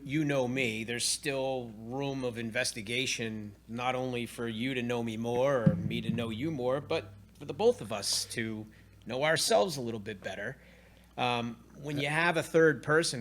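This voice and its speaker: Bright-voiced upbeat New man. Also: medium pitch, a little hiss or hum. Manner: upbeat, talks in restarts and repeats. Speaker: podcast co-host. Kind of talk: casual chat. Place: recording studio.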